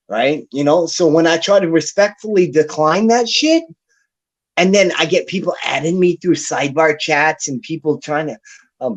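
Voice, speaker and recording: A man's voice: fairly high pitch, darkish tone. A man hosting a casual chat show, ranting in a heated, profane, repetitive way. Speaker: podcast host. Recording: dull lo-fi sound.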